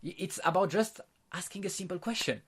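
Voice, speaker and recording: A man's voice: high-pitched, brisk, breathy edge. A man teaching an online social skills course, explaining step by step with frequent fillers and restarts. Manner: walks listeners through exercises and demonstrations.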